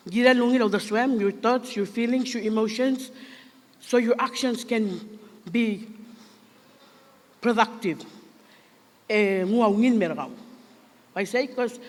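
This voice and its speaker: A woman's voice: fairly high pitch, big-room sound. A woman with a Palauan accent giving an earnest speech to graduates, asking the crowd questions and mixing English with Palauan. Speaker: commencement speaker.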